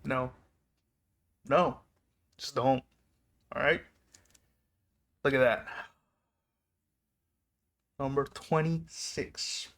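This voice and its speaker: With a medium pitch, fairly even intonation and drawn-out words, this man sounds gravelly yet a bit bright and pauses often. He's a vlogger rambling casually through a personal story, chatty and prone to breaking off and restarting sentences.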